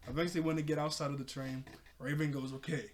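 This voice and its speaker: Excitable man recapping a cartoon episode. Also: a little high, fast. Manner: excitable, laughs often, talks to the viewer. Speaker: cartoon reviewer.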